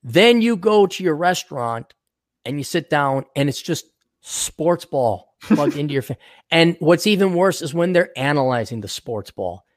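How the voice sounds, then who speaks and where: A man's voice: a little high, sing-song, normal speed, no echo, clean studio sound. A man hosting a podcast in casual chat, ranting crudely and mocking. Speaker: podcast host.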